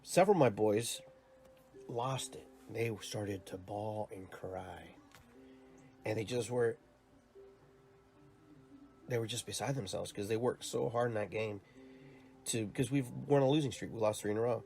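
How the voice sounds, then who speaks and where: A man's voice: lowish voice, unhurried, gravelly, long pauses, a little mellow, soft background music. A man hosting his own show, talking in an earnest, rambling monologue with many repeated words. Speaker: podcast host and youth soccer coach. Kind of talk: casual reflective monologue.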